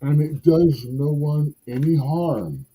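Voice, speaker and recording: A man's voice: on the high side, slow pace, mellow, a little hiss or hum, rough recording. A man in a casual podcast conversation, musing and rambling as he tells a folktale, with self-deprecating asides.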